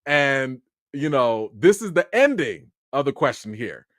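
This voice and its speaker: A man from Chicago, a film critic, telling a story in an excitable, animated way on his livestream. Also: a little slow, no room sound, studio quality. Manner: animated and excitable, with sudden jumps in pitch.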